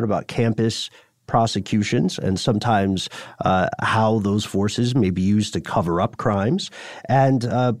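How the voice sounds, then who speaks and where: Low-voiced man, wry podcast co-host. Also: a little mellow, no echo, studio quality. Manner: wry, rambling, thinking aloud with fillers. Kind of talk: casual podcast chat.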